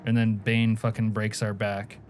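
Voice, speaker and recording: A man from Alaska streams a game and chats crudely with viewers, answering chat, swearing, joking and laughing a lot. His voice sits on the low side with a flat, slightly mellow delivery at a moderate pace. Faint music plays behind him.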